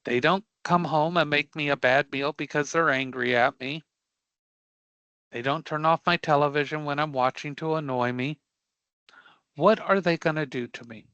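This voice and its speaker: Bright-voiced, emphatic male instructor. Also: on the high side, normal speed, smooth, dry recording, lo-fi sound. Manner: emphatic, checks in with frequent rhetorical questions; blunt and dismissive of angry customers. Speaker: career prep instructor. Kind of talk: live online class lecture.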